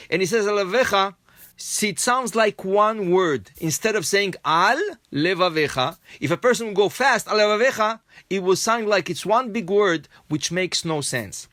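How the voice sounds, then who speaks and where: High-voiced rabbi explaining Talmud step by step. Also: male voice, a bit bright, no room sound, clean studio sound. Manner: explains step by step, repeats and restates points. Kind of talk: daily Talmud class.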